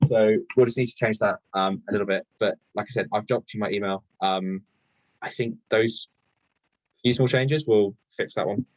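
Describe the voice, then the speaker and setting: Halting man answering viewer questions. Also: lowish voice, fairly even intonation, no echo, lo-fi sound. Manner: reads questions aloud haltingly, many ums and restarts. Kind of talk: casual live Q&A explainer.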